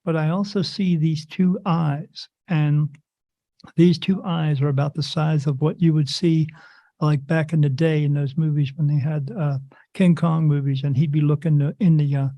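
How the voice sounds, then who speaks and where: On a podcast, a guest who works as a spirit medium tells rambling stories in casual interview chat, restarting his sentences and animatedly performing what others said. He speaks at a moderate pace in a slightly high voice, captured in a dry, lo-fi recording.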